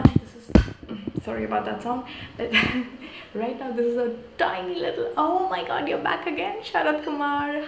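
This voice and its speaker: A woman chats to her live viewers in a hushed, giggly whisper. Her voice sits a bit high. It rings with the echo of a small room, with faint noise underneath. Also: gravelly. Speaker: live-stream host. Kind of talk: casual live-stream chat. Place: small tiny room indoors.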